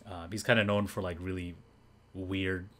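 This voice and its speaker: A man's voice: low voice, level tone, moderate pace, bright, forceful tone. A man co-hosting a podcast, recapping a variety show in loose, rambling casual chat full of fillers. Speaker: podcast co-host.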